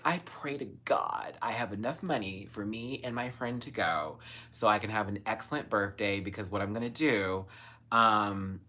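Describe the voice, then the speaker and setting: A man hosting a casual live stream, gushing and chatty, with sudden high squeals of excitement. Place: home, in Los Angeles.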